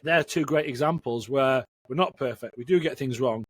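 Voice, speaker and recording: A man, telling candid, animated stories as a podcast guest. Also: medium pitch, moderate pace, husky, no echo. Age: 40s. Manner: frank, animated storyteller who swears casually. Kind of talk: candid conversational interview.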